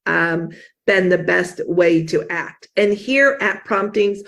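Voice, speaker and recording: Woman host, upbeat, mid-pitched, webinar presenter on a video call. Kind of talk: presenting to viewers.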